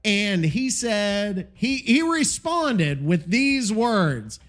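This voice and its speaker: A man's voice: high voice, very slow. A man hosting a solo podcast, rambling and swearing a lot, sounding tired. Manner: profane, rambling, animated. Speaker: podcast host. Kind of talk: casual solo podcast rant.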